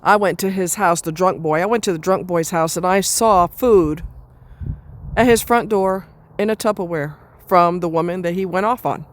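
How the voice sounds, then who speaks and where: A woman's voice: on the low side, normal speed. A woman venting in a casual monologue, blunt and profane, rambling with restarts as she rants. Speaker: vlogger.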